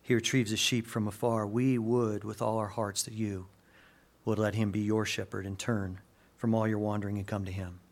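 A man preaching a sermon, dropping to hushed low asides and rising to loud, emphatic peaks, acting out quoted dialogue in lively voices. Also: moderate pace. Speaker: pastor.

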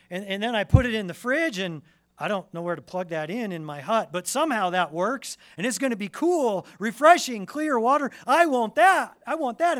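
A male preacher voicing an excited, incredulous woman at a well, talking eagerly and breathlessly. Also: extremely high pitch, voice pushed up.

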